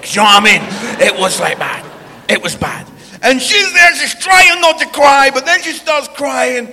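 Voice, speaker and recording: A middle-aged Scottish man with a high voice and vocal fry preaches with humor, sounding like he's in a big room. He animatedly tells a family story and checks in with the crowd by tagging lines with "yeah?".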